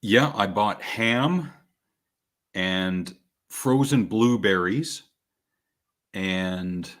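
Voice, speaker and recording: A man co-hosting a podcast in casual chat, relaxed and rambling with dry humor. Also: fairly low pitch, very slow. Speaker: podcast co-host.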